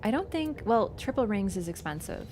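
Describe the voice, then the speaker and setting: A young woman game streamer chatting casually with her viewers, telling stories in an animated, excitable way and swearing freely. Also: normal speed. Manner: animated, excitable storytelling with sudden high squeals. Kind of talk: casual livestream chat. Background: background game music.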